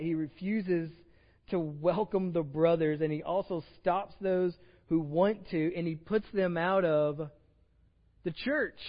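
A man with a Texan accent preaching a conversational sermon as pastor, often repeating words as he restarts. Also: high voice. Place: church sanctuary with long reverb. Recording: dull lo-fi sermon recording in a reverberant church.

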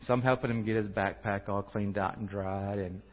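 A man's voice: lowish voice, fairly even intonation, normal speed. Earnest man in an echoing hall. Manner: earnest, conversational, laughs at himself. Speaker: church speaker sharing testimony. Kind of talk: personal testimony and prayer. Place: church hall. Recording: muffled audio with long hall reverb.

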